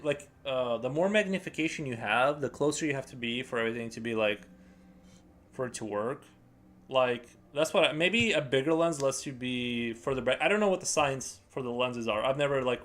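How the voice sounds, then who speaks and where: A man live-streaming while he paints, chatting casually in a rambling, hesitant way full of fillers and restarts. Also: medium pitch.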